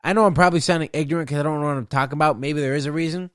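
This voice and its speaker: A man's voice: fairly high pitch, very fast, no echo, studio quality. A young man hosting a solo podcast, ranting in a profane, boastful, rambling way. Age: young adult. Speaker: podcast host.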